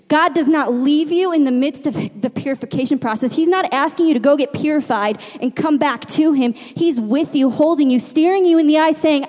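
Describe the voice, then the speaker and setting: Brief: woman preacher in her thirties, higher voice, earnest storytelling sermon, hall reverb. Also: normal speed, hardly any pauses, a little mellow. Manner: earnest, storytelling, rhetorical questions. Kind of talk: conversational sermon with personal story.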